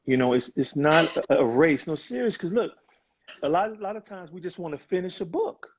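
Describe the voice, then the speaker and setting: This man's husky, fairly high voice is animated and a little fast as he speaks as a guest on a live video chat. He comes across as earnest and reflective, leaning on lots of fillers, and the sound is muffled lo-fi call audio.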